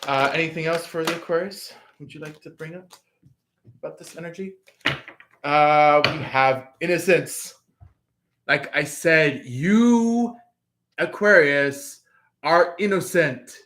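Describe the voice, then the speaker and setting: A man giving a casual live tarot reading, filling his talk with pauses and acting out the people he quotes. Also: a little high, noisy background. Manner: acts out quoted voices, laughs, filler-heavy. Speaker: tarot reader.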